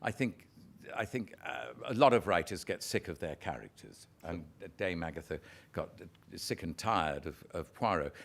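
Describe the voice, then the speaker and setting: A man's voice: deep voice, normal speed, gravelly. An older man, an actor telling self-deprecating anecdotes as an interview guest. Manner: animated storyteller, self-deprecating.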